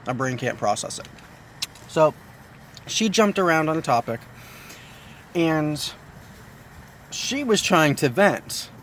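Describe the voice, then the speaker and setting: A man with a fairly high voice hosts a casual chat to camera. He talks in a chatty, self-mocking way and drives points home by repeating phrases. Faint traffic hums behind him. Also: very animated, slow, long pauses, a bit bright. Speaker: video host. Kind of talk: casual talk to camera with his partner.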